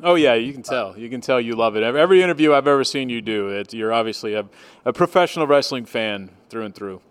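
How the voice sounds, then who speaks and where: A man hosting a podcast interview, asking questions in a soft-spoken, halting way. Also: medium pitch, clean tone. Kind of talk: casual interview.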